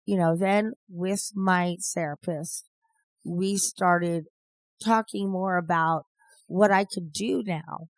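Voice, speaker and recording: A woman's voice: fairly low pitch, fairly even intonation, takes it slowly, dry recording. A woman in her fifties co-hosting a podcast, chatting casually and rambling through stories. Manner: rambling, storytelling, laughs often. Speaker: podcast co-host. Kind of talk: casual chat.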